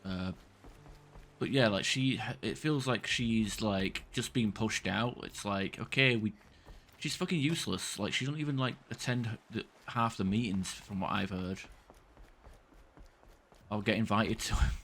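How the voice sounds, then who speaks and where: Man, fairly low voice, gaming streamer, rambling, venting, swears. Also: a little slow, fairly bright tone, a little hiss or hum. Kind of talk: casual gameplay chat.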